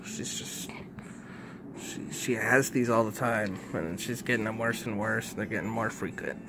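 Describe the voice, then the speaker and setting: Soft-spoken vlogger hushing and reassuring. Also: medium pitch, a little slow, slight background noise. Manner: soft, hushed, reassuring, slipping into whispers. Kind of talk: casual vlog, soothing a pet.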